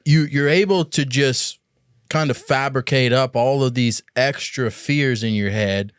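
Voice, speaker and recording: A man's voice: medium pitch, a little slow, clean tone, no echo. Man hosting, rambling questions, dry sound. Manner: asks long, rambling questions. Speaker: podcast host. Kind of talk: casual podcast chat.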